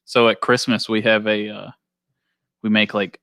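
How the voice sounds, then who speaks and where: Gravelly man in profane casual chat. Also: lowish voice, level tone, normal speed, a bit bright, no echo, studio quality. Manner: loose, profane, laughing, with lots of fillers. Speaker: podcast co-host.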